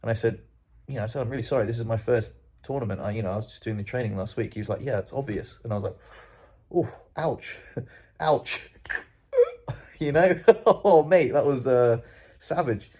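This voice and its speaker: A man recounting his week to camera in a casual vlog, expressive and swearing freely, acting out what people said. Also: mid-range voice, fast talker. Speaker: vlogger.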